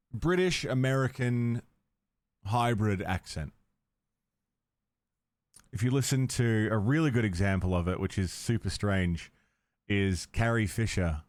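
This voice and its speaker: Man, gaming livestreamer, ranting chatty tangents, swears a lot, mid-pitched voice, dry close desk mic. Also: no echo. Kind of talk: casual livestream commentary.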